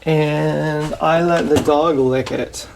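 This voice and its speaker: With a creaky, mid-range voice and a steady tone, this vlogger talks while doing the dishes at home, his casual monologue halting, hesitant, and full of sighs. Loud noise from the tap and clinking dishes fills the recording.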